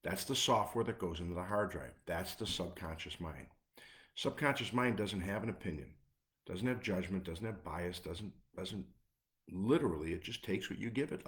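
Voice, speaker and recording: Chicago guy coaching live, lowish voice, punchy and repeats himself a lot. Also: a bit bright. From Midwest US. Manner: emphatic, repetitive, punchy lists. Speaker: anxiety coach. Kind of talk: live motivational talk.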